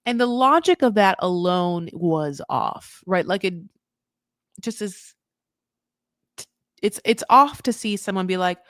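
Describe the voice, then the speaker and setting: A young woman recapping a reality show in casual, animated commentary, swearing freely and acting out what the people said. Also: mid-range voice, measured pace, pauses often, dry recording, studio quality. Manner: chatty, animated, swears, acts out quoted voices.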